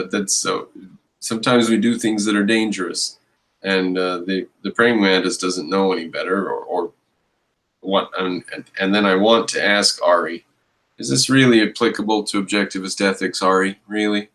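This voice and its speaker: A man with a lowish voice rants his way through a reaction commentary. He stops the clip to pick it apart with exasperated, mocking scorn. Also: steady tone, normal speed, a bit bright, low-quality recording.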